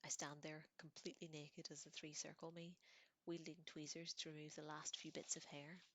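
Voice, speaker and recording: Woman in a soft whispered book reading. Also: level tone, normal speed. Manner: half-whispered, low-key, with small slips. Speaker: audiobook reader.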